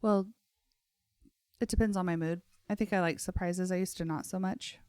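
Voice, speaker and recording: A woman with a somewhat low voice, co-hosting a casual podcast. She recounts work stories in a relaxed, matter-of-fact way. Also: moderate pace, clear, resonant tone, no room sound, studio quality. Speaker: podcast co-host. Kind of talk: casual chat.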